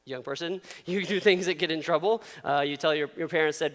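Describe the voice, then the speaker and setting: A man's voice: on the high side, fast talker. Chatty pastor man in an echoing hall. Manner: chatty, laughs often, acts out quotes. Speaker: youth pastor. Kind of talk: casual storytelling sermon.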